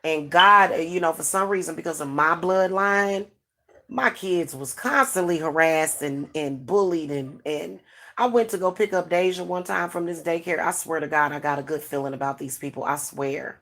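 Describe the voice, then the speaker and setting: A woman's voice: low-pitched, moderate pace, fairly bright tone. A middle-aged woman, talking frankly and casually to her viewers, with many restarts and fillers. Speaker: spiritual advisor and channel host.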